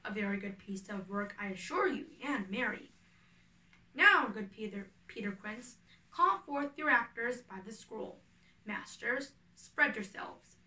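Here a woman plays a boasting, keen male weaver and amateur actor in full character voice, animated yet unhurried. Her voice is bright and a touch high for a woman, captured far from the mic in a room with echo.

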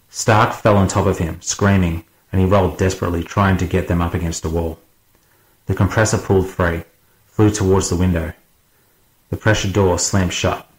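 A man narrating an audiobook as a guest reader, in a measured, steady way. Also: sits low, echoey room, rough recording.

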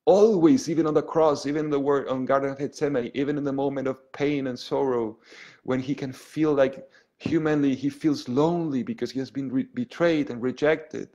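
A man, a priest, giving an earnest spiritual lesson to an online group. He often restarts his phrases and checks in with "okay?", and he moves between loud emphasis and soft, hushed lines. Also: mid-range voice, steady tone, normal speed, muffled recording.

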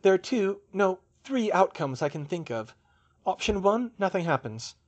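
A man voicing a quick-minded young witch who reasons things out aloud in a raised, lighter voice. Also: high-pitched, big pitch swings, lo-fi sound, pitched above the performer's own voice. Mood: analytical.

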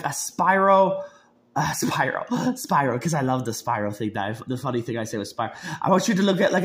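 A young man ranting casually about football, rambling with many restarts and heated outbursts. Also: a little high. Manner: bursts into shouting and laughter. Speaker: sports vlogger. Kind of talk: casual sports rant.

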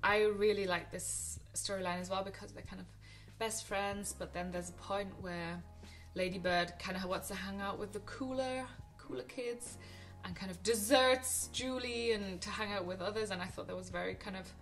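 A woman's voice: medium pitch, moderate pace, few pauses, fairly bright tone, faint music behind. Chatty young woman gushing about films. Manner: chatty, gushing, lots of ums and restarts. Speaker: film vlogger. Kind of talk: casual film recommendations to camera.

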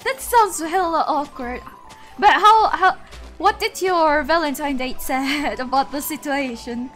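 Very high, bright-voiced excitable woman streamer. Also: measured pace, faint music behind. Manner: excitable, laughs often, yells at the game. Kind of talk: casual gaming livestream chat.

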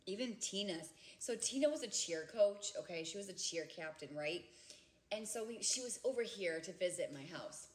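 A woman in her thirties chatting casually with viewers on a livestream from home. She is giggly and chatty, and she often breaks into loud laughter. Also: mid-range voice, lively intonation, normal speed. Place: home, indoors.

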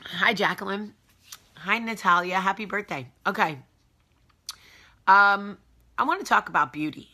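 A woman's voice: medium pitch, unhurried, long pauses, bright, forceful tone, a little hiss or hum. A woman in her forties hosting a casual morning live chat from home, chatty and greeting viewers by name. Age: 40s. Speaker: host.

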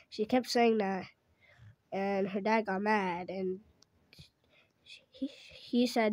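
A woman's voice: mid-range voice, steady tone, takes it slowly, pauses often, a little mellow, no room sound. A woman telling an improvised story in a rambling way, often stopping to correct herself.

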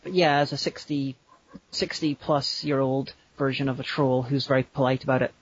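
A man's voice: medium pitch, fairly even intonation, normal speed, breathy edge, muffled recording. A man co-hosting a podcast in casual chat, rambling and breaking into silly voices. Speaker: podcast co-host.

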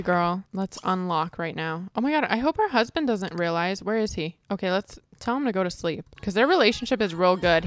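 A young woman giving casual, chatty commentary while playing a life-sim game, excitable and quick to shriek and laugh. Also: medium pitch. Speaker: gaming streamer. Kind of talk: casual Let's Play commentary.

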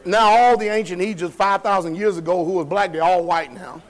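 A man's voice: high voice, brisk. A man preaching a sermon in a church hall, colloquial and loose, firing questions at the congregation and laughing between points. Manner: call-and-response preaching, asks the congregation questions.

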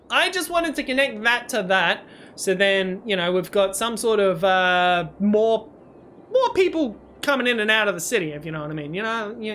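A man's voice: sits high, sharp tone, a little hiss or hum. A man commenting on his own city-building game, rambling and self-mocking, slipping into silly sing-song and nonsense sounds. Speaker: gaming YouTuber. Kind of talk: let's-play commentary. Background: faint game music.

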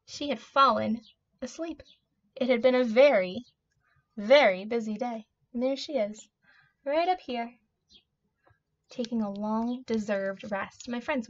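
A preschool teacher, a woman, reading a picture book aloud to young children in a gentle, expressive, child-directed way. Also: on the high side, a little hiss or hum. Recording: dull lo-fi audio.

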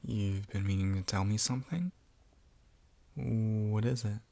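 A man in a whispered role-play, speaking gently and reassuringly as a supportive roommate. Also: fairly low pitch, fairly even intonation, a little slow, vocal fry, no room sound. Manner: gentle, reassuring, soft-spoken. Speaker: ASMR roleplayer.

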